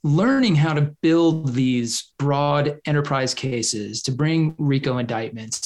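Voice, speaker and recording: A man in his fifties, a guest in an interview, telling candid stories in a wry way with small chuckles and restarts. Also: medium pitch. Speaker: guest, former FBI official.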